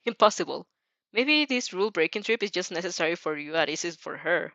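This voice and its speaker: A woman's voice: fairly low pitch, expressive, brisk, pushed and bright, no echo, dull audio. A woman reading a fanfic aloud as narrator, with small slips and self-corrections.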